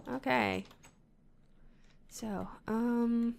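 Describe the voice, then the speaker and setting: A woman's voice: a little high, fairly even intonation, drawn-out words, creaky. A woman casually commenting as she plays a video game, muttering to herself and reading game text aloud. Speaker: let's-play gamer.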